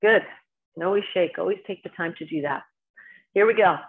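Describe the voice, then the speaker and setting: A woman's voice: lowish voice, a little fast. A woman with a New Jersey accent leading a qigong class, giving short spoken cues timed to each movement. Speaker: qigong instructor. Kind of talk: guided exercise class instruction. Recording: tinny phone-like sound.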